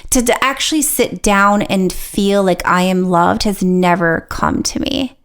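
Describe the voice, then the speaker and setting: A woman co-hosting a podcast in relaxed, casual chat. Her pitch sits in the middle of the range, and she runs animated and heartfelt, laughing often between thoughts. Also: a little slow, clear, resonant tone. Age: young adult or middle-aged, a mother. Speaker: podcast co-host.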